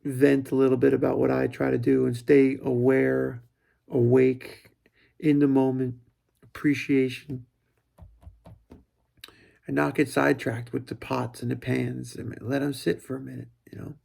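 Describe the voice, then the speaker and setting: A man's voice: medium pitch, little pitch movement, measured pace, creaky, mellow. A middle-aged man in a casual, rambling reflective monologue, often breaking off and quoting his own thoughts aloud. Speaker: vlogger.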